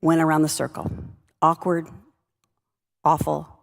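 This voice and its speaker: Gravelly woman telling wry stories. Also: low voice, monotone, a little slow. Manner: conversational, wry anecdotal delivery. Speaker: leadership speaker. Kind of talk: storytelling talk. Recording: long reverb of a large hall.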